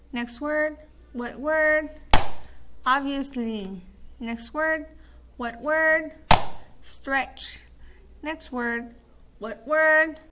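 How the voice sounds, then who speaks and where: A woman's voice: high voice, very noisy. A woman teacher running a call-and-response word drill, then reading a story aloud with small slips and restarts.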